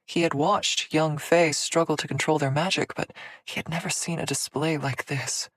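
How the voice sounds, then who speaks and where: A woman narrating a fantasy audiobook in a measured, dramatic storytelling manner. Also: sits low, steady tone. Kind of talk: scripted narration.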